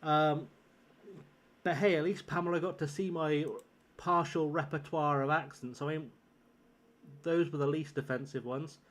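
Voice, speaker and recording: A man's voice: on the high side, fairly even intonation, measured pace, pauses often. A young man streaming a game, chatting casually in a rambling, self-deprecating way and chuckling often. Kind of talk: casual gaming livestream chat.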